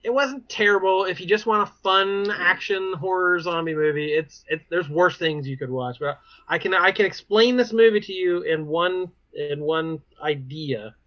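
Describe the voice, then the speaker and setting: A man's voice: sits high, moderate pace, few pauses. A man co-hosting a pop culture podcast, chatting casually and saying "like" a lot. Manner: chatty, says "like" often. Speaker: podcast co-host. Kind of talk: casual chat. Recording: dull lo-fi sound.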